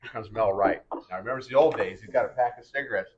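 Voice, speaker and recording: An older man, a retired baseball pitcher, telling his career stories in casual chat and acting out the lines of the people in them. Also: fast talker, slight background noise. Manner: animated, acts out other people's lines in quotes. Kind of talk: casual storytelling. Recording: dull lo-fi sound.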